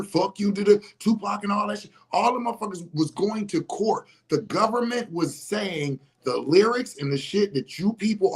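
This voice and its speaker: Podcast host, young adult man, slightly high-pitched; loose, profane storyteller who builds to loud, emphatic rants. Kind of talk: casual storytelling chat.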